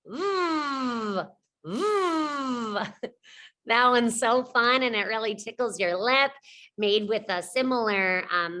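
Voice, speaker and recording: A woman teacher leading a children's phonics lesson, encouraging and modeling each sound slowly. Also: mid-range voice, pushed and bright.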